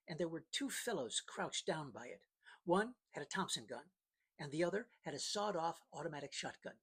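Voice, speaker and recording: A man's voice: on the high side, fairly bright tone, breathy edge. A man narrating a first-person novel in a dry, plain-spoken storytelling manner. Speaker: audiobook narrator.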